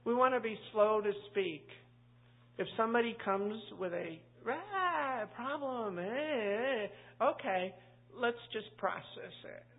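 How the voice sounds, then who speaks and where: Woman, pastor, Bible study teaching, chatty and anecdotal, raspy, phone-quality audio. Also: medium pitch. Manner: chatty and anecdotal, full of asides. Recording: tinny phone-like line.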